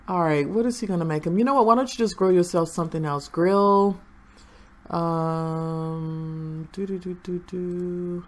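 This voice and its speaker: Chatty woman with a low voice, gameplay commentary. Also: normal speed. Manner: chatty, talks to the game characters. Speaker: gaming channel host.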